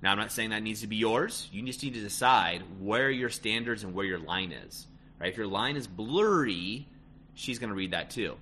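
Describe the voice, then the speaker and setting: This lowish-voiced man is animated as he coaches listeners about relationships, moving at a moderate pace with a sharp tone. He's casual and emphatic, often ending lines with "right?" and repeating "end of story." Some hiss or hum is audible.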